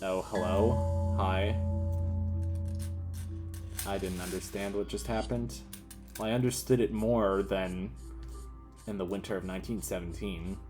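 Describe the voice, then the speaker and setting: A man's voice: sits low, steady tone, a little slow, long pauses. A man giving casual, rambling game commentary with self-mocking, offbeat jokes. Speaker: gaming commentator. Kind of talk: casual let's play commentary. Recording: game music playing behind.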